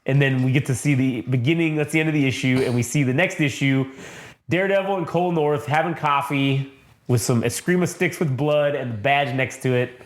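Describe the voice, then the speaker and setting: Profane animated man in an echoey room. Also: mid-range voice. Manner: profane, animated retelling with quick voices for characters. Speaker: podcast co-host. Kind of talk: casual comic book review chat.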